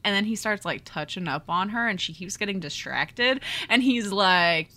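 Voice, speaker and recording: A woman's voice: mid-range voice, expressive, normal speed, sharp tone. A woman hosting a podcast, gushing through a chatty book recap with many fillers. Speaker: podcast host. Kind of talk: casual book chat.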